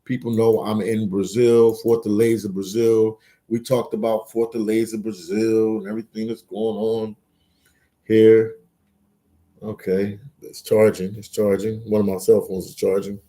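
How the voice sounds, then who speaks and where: A man's voice: fairly low pitch, level tone, unhurried, dark tone. A man hosting a casual live stream, reading chat aloud and bantering, repeating words and phrases as he goes. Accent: Philadelphia.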